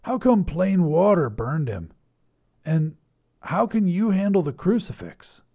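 A man's voice: high-pitched, unhurried, pitched above the performer's own voice, full character voice. A man playing a wry, skeptical priest. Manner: raised, lively, sardonic. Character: skeptical male priest, dry-witted, quick on his feet.

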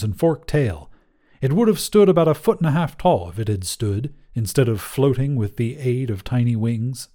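A man narrating a short story podcast in a measured, expressive reading. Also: medium pitch.

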